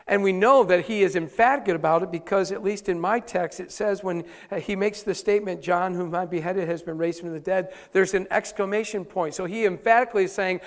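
A man's voice: high voice, normal speed. A male pastor delivering a conversational sermon, repeating key points for emphasis. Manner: conversational preaching with emphatic repetition. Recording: reverberant hall.

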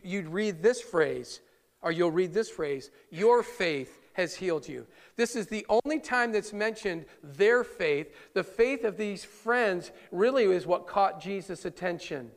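A male pastor preaching a sermon, telling the story in an animated way with frequent chuckles. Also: high-pitched. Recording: long hall reverb.

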